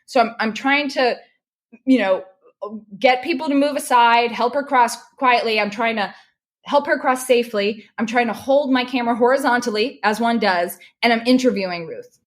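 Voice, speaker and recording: Woman guest telling a story, lively, emotional, keeps restarting sentences. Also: fairly high pitch, moderate pace. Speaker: podcast guest. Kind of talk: personal storytelling in conversation.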